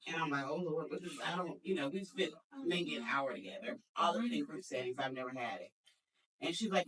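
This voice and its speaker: A woman tells a family story at a memorial service, her tone bright and lively. She jumps to a high, excited voice to act out what people said. She stands at a distance from the mic. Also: fairly quick. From Dallas, Texas. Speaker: eulogy speaker. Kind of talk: personal eulogy storytelling.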